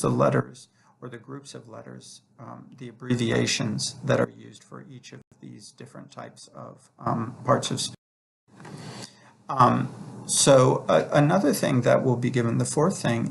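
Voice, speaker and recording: A man teaching a recorded lecture over slides, talking in a relaxed way with many fillers and restarts. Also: mid-range voice, a little hiss or hum. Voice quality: gravelly, creaky. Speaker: instructor.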